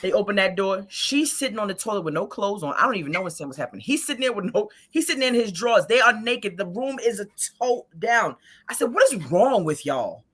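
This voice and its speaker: A woman from Brooklyn telling an animated story as a podcast guest, emphatic and blunt, acting out her own words. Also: mid-range voice, fast talker, hardly any pauses. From Brooklyn, New York. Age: adult with a child. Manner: emphatic, blunt, quotes herself in lively asides. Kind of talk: casual chat, animated storytelling.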